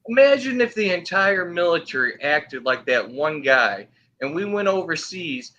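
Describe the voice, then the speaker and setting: Man, friend on voice chat, animated pitch, bright tone, dull lo-fi audio. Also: moderate pace. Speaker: friend calling into the stream. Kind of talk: casual voice chat.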